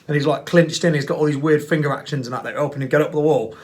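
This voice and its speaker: A middle-aged vlogger talks casually to camera, blunt and rambling, sometimes mocking himself and slipping into playful put-on voices. He talks fast, and his voice is on the high side with fairly even intonation.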